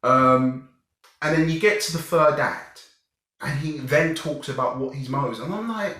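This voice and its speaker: A young man reviewing a film in a casual, animated way, often restarting his sentences and sounding exasperated. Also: medium pitch, unhurried. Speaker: movie reviewer. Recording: very echoey room.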